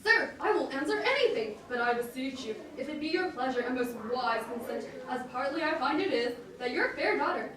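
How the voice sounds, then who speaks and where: A woman acting an eager, foolish young male gentleman in an amateur stage performance, speaking urgently and pleadingly. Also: sits high, animated, brisk, few pauses, a crowd in the background. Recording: very echoey room from far off.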